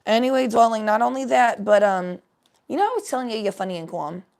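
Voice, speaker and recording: A woman's voice: a little high, animated, brisk, gravelly, a little mellow, slight background noise. A woman chatting casually on a live stream, giving a tarot reading in a rambling, swearing way.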